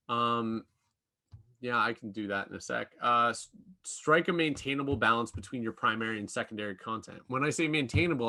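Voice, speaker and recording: Chatty man with a bright voice. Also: medium pitch. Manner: chatty, lots of ums and likes, joking asides. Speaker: workshop presenter. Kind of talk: casual lecture.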